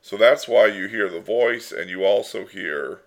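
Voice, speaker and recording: A man's voice: on the low side, unhurried, creaky, very noisy. A man at a home workbench giving a casual hands-on electronics tutorial, with wry asides while he tinkers, sometimes heard through his breadboard microphone circuit. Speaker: electronics hobbyist demonstrating a circuit. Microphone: desktop mic, at times heard through a breadboard circuit. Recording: circuit distortion and synth tones behind.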